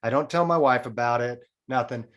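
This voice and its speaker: A man's voice: medium pitch, fairly quick. Frank, swearing man telling a story. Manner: frank, swears freely, tells a story in a lively way. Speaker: podcast guest. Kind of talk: casual storytelling chat.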